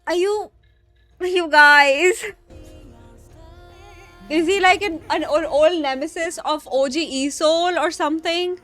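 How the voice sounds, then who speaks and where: A woman's voice: very high-pitched, takes it slowly, pauses often, fairly bright tone, no room sound, soft background music. A young woman hosting an anime reaction, talking casually and with exasperation to her viewers and swearing now and then.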